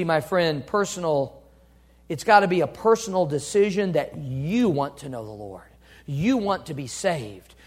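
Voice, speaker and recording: Man, pastor, sermon, very high pitch, earnest, shifts between loud and quiet.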